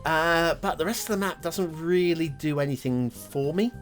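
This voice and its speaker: A man's voice: on the high side, normal speed, soft background music. A man hosting a game map review show, talking casually over gameplay with lots of fillers and wry asides. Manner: chatty, rambling, many fillers and self-deprecating asides.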